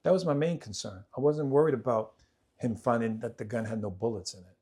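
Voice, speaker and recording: A man telling his own life story on a podcast, swinging between loud, animated moments and quiet, low passages, often repeating himself as he goes. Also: brisk. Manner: vivid, repetitive retelling that acts out family members' voices. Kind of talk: personal storytelling in conversation.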